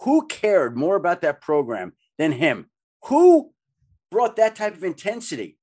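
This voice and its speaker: A man hosting a sports podcast, talking in an animated, emphatic and excitable way. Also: a little high, normal speed, slightly rough. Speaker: podcast host. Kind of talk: casual sports chat.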